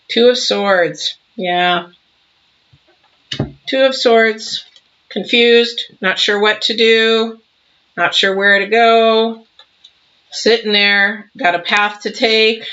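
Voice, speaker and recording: A woman's voice: fairly high pitch, a bit bright, dull audio. A woman in her sixties giving a casual tarot reading, emphatic and preachy, acting out little scenes as she talks. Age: 60s. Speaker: tarot reader.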